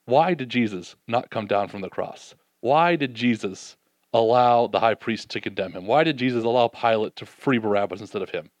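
A man preaching a sermon, reading scripture and acting out the disciples' doubts in an animated way, then dropping soft and slow to reflect. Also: lowish voice, dry recording.

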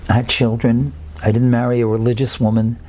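A man telling a story expressively, building slowly and dropping to a whisper at times. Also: mid-range voice, little pitch movement, darkish tone. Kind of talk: told personal-style story.

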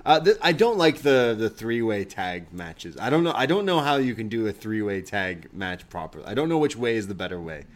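A man's voice: fairly low pitch, very animated, fairly quick, hardly any pauses. A man co-hosting a wrestling review show, recapping scenes in casual chat and quoting the wrestlers' lines. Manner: recounts scenes, quoting lines in put-on voices.

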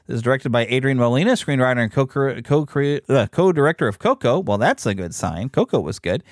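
Man, podcast host, casual movie chat, lively pitch, dry close sound. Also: fairly quick, few pauses, no room sound. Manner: chatty, frequent fillers and restarts, reading descriptions aloud. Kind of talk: casual movie news commentary.

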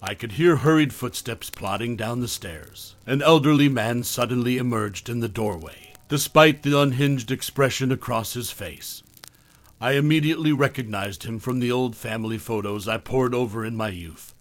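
A man reads a first-person horror tale in a measured, dramatic manner. His voice sits in an ordinary middle range. The recording is dry and close, with no room echo. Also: medium pitch. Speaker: horror story narrator. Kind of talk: scripted horror narration.

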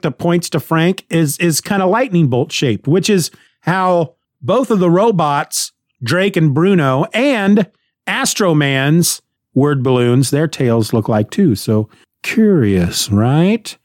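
A man's voice: a little high, no room sound. Rambling man recapping a comic, dry sound. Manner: rambling, with frequent restarts and chuckles. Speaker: comic book reviewer. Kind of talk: casual comic book recap.

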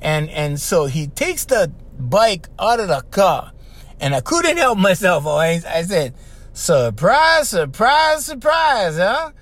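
An older man with a Hawaiian accent, hosting a podcast and telling a story in a slangy, animated way with lots of repeats. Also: on the high side, unhurried. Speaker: podcast host. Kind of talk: casual storytelling.

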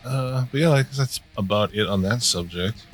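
A man's voice: fairly low pitch, moderate pace, soft background music. A man from the upper Midwest co-hosting a podcast, talking in a profane, rambling, casual way. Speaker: podcast co-host. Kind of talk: casual chat.

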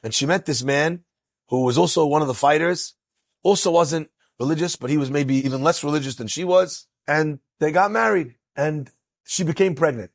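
A man, a rabbi, telling a story in a lecture and acting out the people in it with rising excitement. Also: a little high, normal speed, no echo, clean studio sound. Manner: animated, acts out quotes with rising excitement.

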